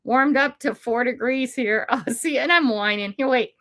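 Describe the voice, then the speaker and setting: Her voice sits on the high side with a fairly bright tone and a moderate pace. An older woman from the United States, she livestreams from inside her home, chatting casually and ramblingly, laughing a lot and responding to viewer comments.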